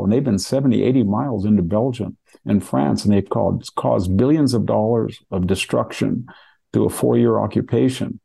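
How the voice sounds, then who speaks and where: A man's voice: lowish voice, moderate pace, gravelly, dark tone, husky. An older man from California talking through history in a rambling, casual way, with many restarts and asides. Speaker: podcast host discussing history.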